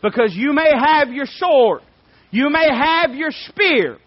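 A man's voice: very high voice, lively intonation, slow, dry recording, highs cut off, pitched above the performer's own voice, heavily acted. A man preaching, voicing a young shepherd hero who defies a giant with rising passion. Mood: defiant. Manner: rising to impassioned shouting.

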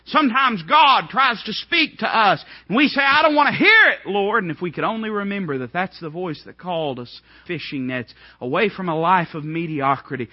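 A man preaching a sermon, swinging from hushed, low lines to ringing, high outbursts. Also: slightly rough, no room sound, muffled recording.

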